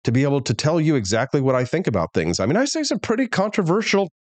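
A man's voice: a little high, sing-song, fast, no room sound. A man hosting a political talk show, speaking candidly and emphatically. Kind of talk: casual political commentary.

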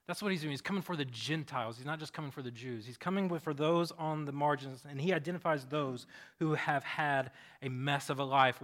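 A man's voice: on the high side, fairly bright tone. A man pastor giving a conversational sermon, telling stories animatedly with frequent restarts.

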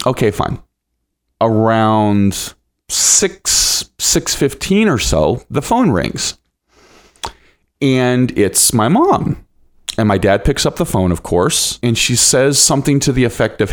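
A man's voice: medium pitch, takes it slowly. A man in his thirties hosting a podcast, telling a personal story and acting out the voices of people in it. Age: 30s. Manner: animated, acts out the voices of people in his stories. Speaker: podcast host.

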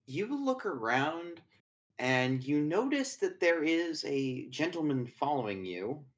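A man's voice: fairly high pitch, sing-song, takes it slowly. A man narrating a tabletop horror game as game master in a chatty, rambling way. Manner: chatty, rambling, with casual fillers and swearing.

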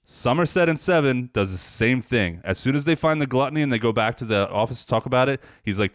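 A man's voice: medium pitch, animated, fast, few pauses, dry recording, studio quality. A man co-hosting a podcast, chatting casually and jokingly about a film while working through a list of points. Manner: joking, listing points from notes. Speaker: podcast co-host. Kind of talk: casual movie chat.

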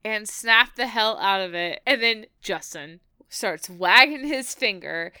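A woman chatting about a TV episode, excitable and swearing as she laughs through her recap. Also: medium pitch, unhurried, clean tone, no room sound, studio quality. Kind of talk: casual chat recapping a TV episode.

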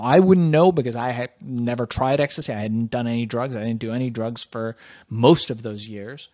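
A middle-aged man spins a story with animated, emphatic delivery and casual swearing. His voice sits at an ordinary pitch. The recording is dry and close, with no room echo. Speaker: interview guest.

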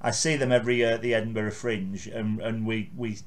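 A man from England hosting a podcast interview over a video call, warm and quick to agree. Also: on the low side, level tone. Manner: warm, frequent agreeing yeahs. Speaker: podcast host. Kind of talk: casual chat.

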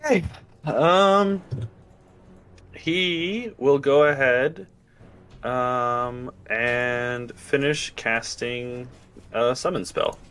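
A man playing in an online tabletop game, speaking in a slow, drawn-out, playful way. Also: medium pitch, a bit bright, smooth. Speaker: player.

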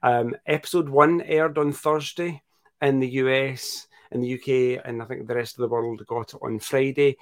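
A man's voice: medium pitch, fairly even intonation, normal speed. A man in his forties hosting a casual discussion podcast, chatty and enthusiastic, with a few filler words. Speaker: podcast host.

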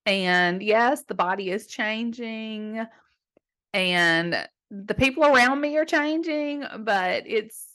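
A woman in her fifties with a Southern US accent hosts a casual advice show, answering listener questions emphatically and chattily with easy laughter. Her fairly high, fairly bright voice is slow and a little hoarse today.

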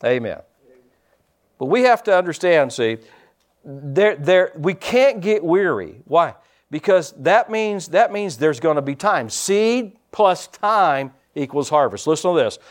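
Pastor guy preaching, kinda high voice, chatty, lots of amens, goes soft then loud. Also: very animated, a little slow. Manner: conversational preaching with frequent "amen" and "see"; swings between soft asides and louder emphatic points. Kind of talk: sermon.

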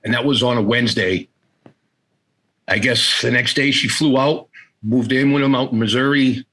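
A middle-aged man speaks with a husky, slightly breathy voice at a medium pitch. He talks as an interview guest, telling a personal story in a halting way, repeating words and acting out what his family said. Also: fairly even intonation, pushed and bright, poor audio.

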